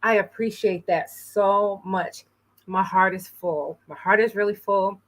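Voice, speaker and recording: A woman from New York hosting an inspirational talk show, speaking earnestly and a little emotionally, with frequent pauses. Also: mid-range voice. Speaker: host.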